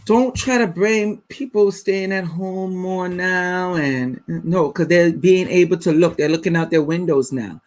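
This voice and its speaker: A man's voice: high voice, measured pace, few pauses, darkish tone. A man hosting a live stream, talking bluntly and casually to his viewers in slang. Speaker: livestream host.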